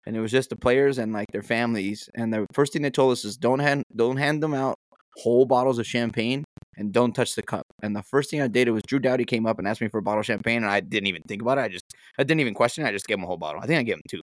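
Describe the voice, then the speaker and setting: A young man talking fast and easily, dropping swear words as he tells stories. His voice sits at an ordinary pitch and sounds dry and close, with no room around it. It comes across as a casual podcast chat. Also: no echo. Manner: laid-back storyteller, swears freely. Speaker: podcast co-host.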